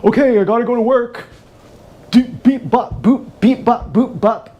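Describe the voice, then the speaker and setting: A man voicing a bland adult man heading to work, making high mock-robotic beeps and boops. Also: a little slow, highs cut off. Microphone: action camera.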